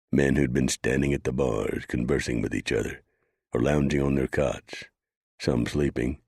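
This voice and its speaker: A man reading a western audiobook in measured scripted narration. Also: extremely low pitch, vocal fry, darkish tone, breathy edge, dry recording, studio quality.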